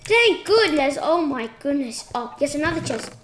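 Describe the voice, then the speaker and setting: A woman giving casual, excitable commentary while playing a game, shrieking at surprises. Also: high-pitched, moderate pace. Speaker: gaming channel host. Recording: echoey room with clear noise.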